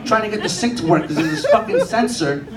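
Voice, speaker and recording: Speaking fast and animated in a high voice, a young man performs profane stand-up comedy at a club, acting out the characters he quotes. A loud audience laughs in the echoey room, captured from a distance.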